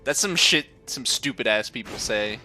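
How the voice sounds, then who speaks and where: A man's voice: medium pitch, lively intonation, moderate pace, sharp tone, soft background music. A young man streaming a game, chatting casually with viewers, laughing often and swearing freely. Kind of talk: casual chat while gaming.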